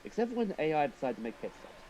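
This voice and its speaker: A man's voice: a little high, sing-song, fast, darkish tone, a little hiss or hum, rough recording. A man streaming a racing game, chatting casually and thinking aloud while he drives and answers his viewers.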